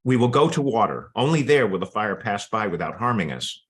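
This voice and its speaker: A man voicing a calm, wise male fox leader in a storybook reading, speaking in a steady, reassuring way. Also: fairly low pitch, fairly quick. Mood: urgent.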